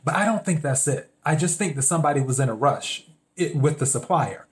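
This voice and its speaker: A man's voice: on the high side, animated, brisk. A man hosting a podcast, telling a story in a casual, meandering monologue and acting out his own thoughts in quotes. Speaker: podcast host.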